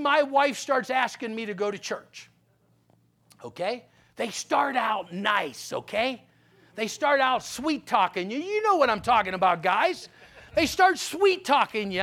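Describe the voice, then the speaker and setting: A man with a strikingly high voice tells his life story from the pulpit. He is folksy and direct, keeps checking in with the crowd, and drops to low, serious tones for the hard parts. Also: moderate pace. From Pennsylvania. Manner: animated storyteller, swings from loud punchlines to low grave tones; folksy, talks straight to the audience with "okay?". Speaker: guest speaker giving a testimony. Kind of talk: testimony sermon, storytelling.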